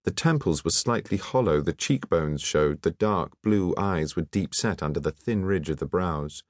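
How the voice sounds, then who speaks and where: In a dry, studio-quality recording, a deep-voiced man narrates a scripted audiobook. His storytelling is measured and even.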